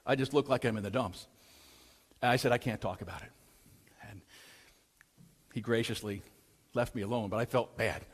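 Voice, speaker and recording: A man preaching a sermon and telling a story. His voice swings between loud, urgent pleas and hushed, quiet lines. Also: mid-range voice, moderate pace, long pauses. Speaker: pastor. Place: church sanctuary. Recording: long church hall reverb.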